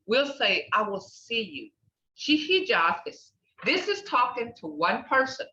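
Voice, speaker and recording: An older woman teaching a language class, repeating words slowly and checking in with "okay?". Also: on the high side, very animated, sharp tone. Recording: echoey, distant, dull room recording.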